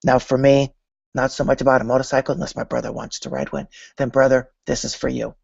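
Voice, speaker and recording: A man's voice: medium pitch, little pitch movement, fast talker, creaky, darkish tone, no room sound. Man giving a motivational talk, dull dry recording. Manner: storytelling, acting out imagined dialogues. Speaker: spiritual vlogger.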